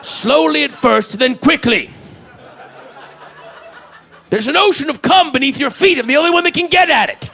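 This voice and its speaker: A man doing an impression of an intense, menacing old-time oilman, making slow, theatrical pronouncements. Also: extremely high pitch, expressive, vocal fry, bright, forceful tone, voice pushed up, full character voice.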